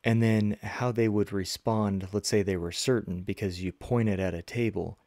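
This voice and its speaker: A man teaching a language lesson, modeling phrases slowly and carefully. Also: fairly low pitch, steady tone, darkish tone, no room sound, clean studio sound. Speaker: Mandarin teacher.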